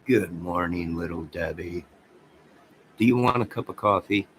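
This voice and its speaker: Low-voiced rambling man on a livestream. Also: unhurried, a bit bright, slight background noise, low-quality recording. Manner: rambling, talks straight to viewers. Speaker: livestream host. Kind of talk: casual livestream chat with viewers.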